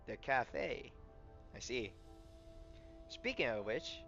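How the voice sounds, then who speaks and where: A man reading the narration and his own character's lines in a game playthrough, stumbling and correcting words, with loud excited reactions. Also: medium pitch, moderate pace. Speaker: gamer reading a story aloud. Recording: slightly muffled, soft game music behind.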